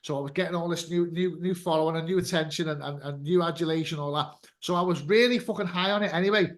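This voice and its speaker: A man's voice: fairly high pitch, quick pace. A man hosting a casual podcast, a chatty storyteller who swears freely and acts out quotes. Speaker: podcast host and DJ.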